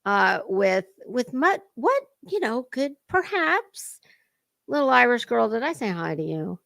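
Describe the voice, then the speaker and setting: A woman host delivers snarky, profanity-laced commentary while chatting with her viewers. Her voice sits a little high, and the sound is close and dry with no room around it. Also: very animated, unhurried, gravelly, a bit bright, no echo. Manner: mocking, profane, talks to chat. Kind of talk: sarcastic reaction commentary.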